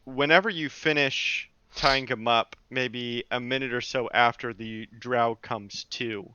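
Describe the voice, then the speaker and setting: A man narrating as game master of a tabletop game, slow and unhurried, with frequent ums and laughs. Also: mid-range voice, steady tone, pushed and bright, clean tone, no room sound, lo-fi sound.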